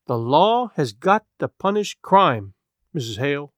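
A man reading aloud voices a timid sheriff's wife who speaks in a tight, measured, hushed way. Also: on the low side, very animated, no echo, clean studio sound. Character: timid, proper sheriff's wife, strained and nervous.

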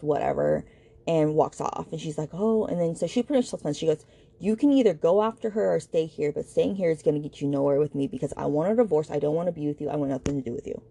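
Low gravelly woman recapping a book. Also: steady tone, fast, warm tone. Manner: chatty, blunt, retelling scenes with quoted dialogue. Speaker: book podcast host. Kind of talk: casual plot recap.

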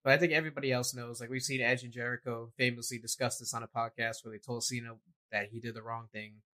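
A man's voice: mid-range voice, little pitch movement, quick pace, bright, forceful tone, rough recording. Opinionated man in wrestling chat. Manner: opinionated, dismissive, rambling. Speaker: podcast co-host. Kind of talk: casual wrestling discussion.

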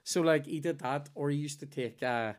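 A man's voice: on the high side, moderate pace. A man with a Northern Irish accent, hosting a podcast and telling stories in casual, swearing chat. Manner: swearing, storytelling, laughs often. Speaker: podcast host.

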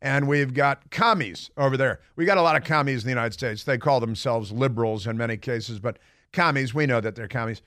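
A man's voice: medium pitch, brisk, fairly bright tone, no echo, clean studio sound. A man hosting a political talk radio show, delivering a combative, sarcastic, rambling monologue full of fillers.

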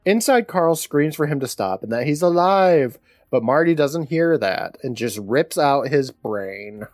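Animated man recapping a horror episode. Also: a little high, a little slow, dry recording, studio quality, faint music behind. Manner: animated storytelling with a laughing, joking tone. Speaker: podcast co-host.

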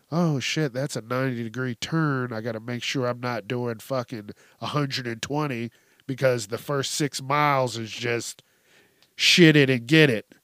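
A man's voice: medium pitch, no room sound, clean studio sound. A man hosting a podcast, telling a profane, exasperated comedic rant in casual talk. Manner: profane, ranting, exasperated storytelling. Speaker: podcast host.

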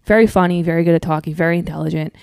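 A woman's voice: fairly low pitch, steady tone, rapid-fire, vocal fry, a little mellow, clear, resonant tone, no echo, clean studio sound. A young woman from Minnesota, a comedian guesting on a podcast, talking candidly and swearing freely. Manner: candid, swears freely, acts out quotes in a raised voice. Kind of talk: casual chat.

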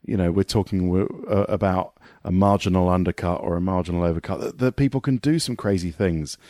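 A man talking as a motorsport pundit guest in a casual podcast conversation, animated and rambling, with many restarts. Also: low-pitched, brisk, dry recording, clean studio sound.

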